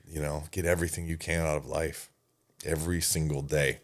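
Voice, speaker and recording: Deep-voiced man telling a grief story. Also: little pitch movement, brisk. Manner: emotional, earnest, swearing at times, drops to near-whisper in sad moments. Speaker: podcast guest. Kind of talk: personal storytelling in a podcast.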